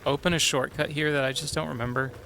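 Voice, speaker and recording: A man's voice: fairly high pitch, fairly even intonation, fast talker, creaky, pushed and bright, faint music behind. A man streaming a horror game, chatting casually and swearing freely while he mutters to himself and answers chat. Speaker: streamer and voice actor.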